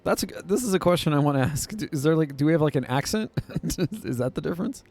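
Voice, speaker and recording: A man's voice: a little high, animated, fast talker, vocal fry, darkish tone. A man hosting a podcast, making casual self-mocking asides while reading a game aloud. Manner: self-deprecating, laughing, chatty asides. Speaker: podcast host.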